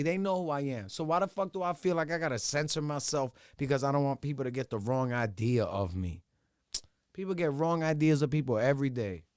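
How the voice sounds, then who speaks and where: A man's voice: on the high side, clean tone, dry recording, studio quality. Blunt, profane man ranting solo. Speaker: podcast host. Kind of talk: solo podcast monologue.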